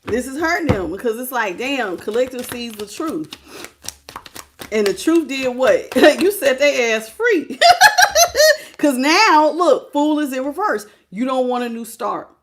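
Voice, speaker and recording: A woman's voice: high-pitched, lively intonation, a little slow, noisy background. A woman giving a live tarot reading, talking casually with her viewers, greeting them by name and laughing often. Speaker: tarot reader.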